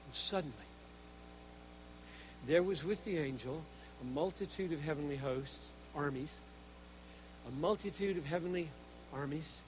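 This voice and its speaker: A man preaching a sermon in an earnest, emphatic way, moving between hushed stretches and forceful ones. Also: on the high side, normal speed, pauses often, slight background noise. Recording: hall reverb.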